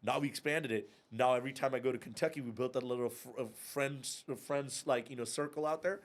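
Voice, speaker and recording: A man's voice: medium pitch, quick pace. A man in his thirties, a podcast guest, telling a long story casually and animatedly, swearing and laughing along the way. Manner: animated, profane, laughing through his anecdotes. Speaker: podcast guest, whiskey club and bar owner.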